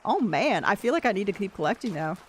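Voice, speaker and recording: A woman's voice: mid-range voice, very animated, fast talker, a little hiss or hum. An American woman talks her way through a game livestream in a loose, chatty voice. She answers chat as she plays and keeps up an easy running commentary on the game. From United States. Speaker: game streamer.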